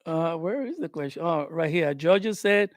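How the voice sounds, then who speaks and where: A man with a young family giving casual, animated YouTube advice during a live stream from his home studio. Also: a little high, normal speed, no room sound. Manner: animated, conversational, laughs often. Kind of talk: live-stream tutorial talk.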